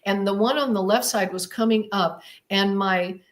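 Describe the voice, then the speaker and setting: A woman with a medium-pitched, steady voice and a moderate pace tells a personal story as an interview podcast guest. She repeats words for emphasis and vividly acts out the exclamations she made at the time.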